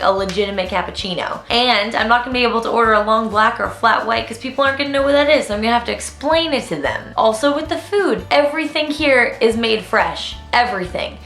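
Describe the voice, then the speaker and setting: A young woman with a voice pitched a little high, talking to her camera in a loose, rambling vlog that keeps slipping into side tangents. The room around her gives back a noticeable echo. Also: fairly bright tone. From Canada. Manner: chatty, rambling, goes off on tangents. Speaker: vlogger. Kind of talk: casual chat. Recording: roomy echo.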